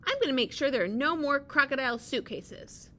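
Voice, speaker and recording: A woman's voice: sits high, lively intonation, a little fast, a bit bright, slight background noise, voice pushed up. A woman voicing a captured crocodile from a children's storybook who is indignant and defiant. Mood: angry.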